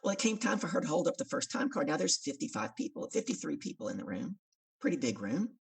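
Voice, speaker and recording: Very low, gravelly woman telling stories. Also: fast, recorded from a distance. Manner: animated, acting out the voices of people in her stories. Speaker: podcast guest, coach and speaker. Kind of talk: storytelling in an interview.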